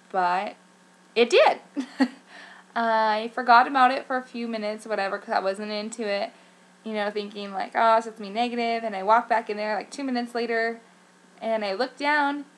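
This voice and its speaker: A young woman vlogging, telling a story in an excitable, chatty way with lots of fillers and acted-out quotes. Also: medium pitch. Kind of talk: casual vlog storytelling.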